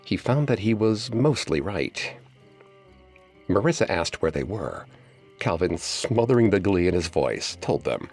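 A man reading a horror story aloud in a measured, suspenseful way. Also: low-pitched, gravelly. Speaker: narrator. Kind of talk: scripted horror story narration.

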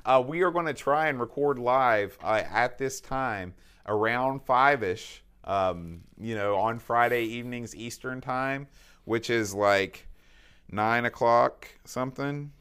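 A man's voice: medium pitch, takes it slowly, fairly bright tone, clean tone. A man co-hosting a retro gaming podcast in a casual, joking, self-deprecating way. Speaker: podcast co-host. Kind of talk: casual chat.

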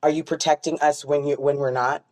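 A woman hosting a casual podcast chat, telling stories in an animated, profane and joking way. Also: deep voice, fairly quick.

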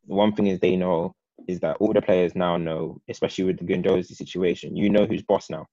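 A man co-hosting a casual football chat, talking in long, animated, opinionated runs. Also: low voice, fairly quick, no echo, dull audio.

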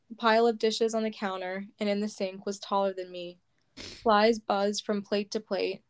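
A woman reads aloud from her own memoir at a slow, heavy pace, sounding close to tears. Her voice is smooth and clean, and her pitch stays level, rarely rising or falling. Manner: slow, heavy, measured storytelling. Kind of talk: reading aloud a personal memoir.

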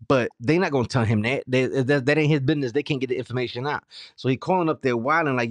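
A man's voice: mid-range voice, fast, no echo. A man hosting his own podcast solo, talking in a loose, profane, irritated way with a sore mouth. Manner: profane, loose and irritated, swings from muttering to loud outbursts. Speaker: podcast host. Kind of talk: casual solo podcast rant.

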